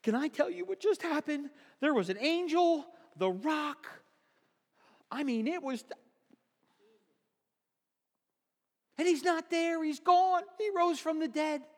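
A male pastor acting out a panicked Roman guard in a sermon, high-pitched and stumbling over his words. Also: lively intonation, measured pace, in a large hall, full character voice. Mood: frantic.

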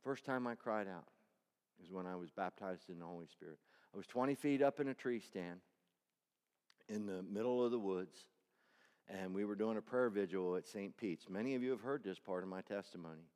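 A man preaching a sermon, moving between loud, intense appeals and quiet, personal storytelling. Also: lowish voice, moderate pace. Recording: long reverb hall.

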